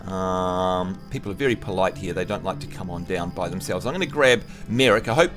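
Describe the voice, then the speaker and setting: A man's voice: low voice, fairly quick, over music. A man from New Zealand chatting casually and teasing friends while streaming a game. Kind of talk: casual live-stream chat.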